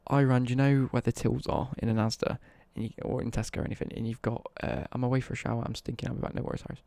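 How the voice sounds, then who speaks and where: A man's voice: mid-range voice, little pitch movement, racing, gravelly, mellow, dry recording. A young English man telling a rambling childhood story on a livestream, swearing freely and correcting himself mid-sentence.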